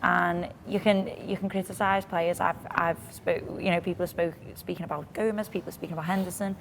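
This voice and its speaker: Lively Liverpool woman talking football. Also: on the low side, brisk, creaky, noisy background. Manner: lively, animated, emphatic. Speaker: podcast co-host. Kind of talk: casual football chat.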